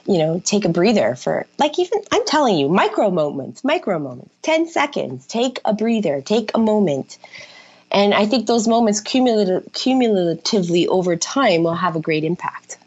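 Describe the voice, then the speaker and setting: A woman's voice: medium pitch, a little mellow, husky. A woman in casual conversation, encouraging and affirming, reflecting thoughtfully while offering advice. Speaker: podcast host and coach. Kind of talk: casual chat. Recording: dull lo-fi sound.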